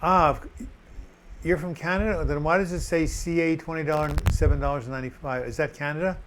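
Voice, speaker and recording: A man's voice: fairly high pitch, fairly even intonation, a little fast, slight background noise, rough recording. An older man hosting a live chat, reading out viewer comments with joking asides.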